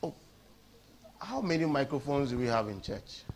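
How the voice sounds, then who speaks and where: A man with a Ghanaian accent preaching an animated sermon in a church, switching between English and Twi. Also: mid-range voice, moderate pace, slight background noise.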